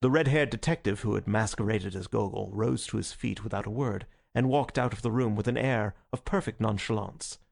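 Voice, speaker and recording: A man narrating an audiobook in a measured, even reading voice. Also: fairly low pitch, gravelly. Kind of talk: scripted narration.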